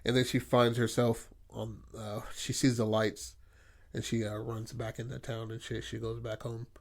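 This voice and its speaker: A male podcast co-host talks through a story idea in a loose, rambling way. He swears freely and leans on fillers like "like" and "you know". His voice sits at an average pitch. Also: completely flat delivery, moderate pace, creaky, a little mellow. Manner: rambling, profane, filler-heavy. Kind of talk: casual brainstorming chat.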